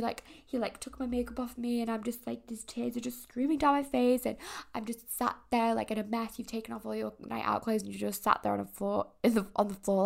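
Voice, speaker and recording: A young woman hosts a podcast in a loose, rambling chat. Her voice sits a touch high but carries a heavy, gravelly fry throughout. She keeps going with fillers and little asides. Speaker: podcast host. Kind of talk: casual confessional chat.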